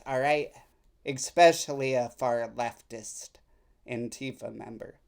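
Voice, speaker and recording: A man delivers unscripted commentary at an unhurried, drawn-out pace. His tone is sarcastic and mocking, and he often stops and restarts his sentences. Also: medium pitch, a little mellow. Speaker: political commentary host. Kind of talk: casual commentary, reading messages aloud.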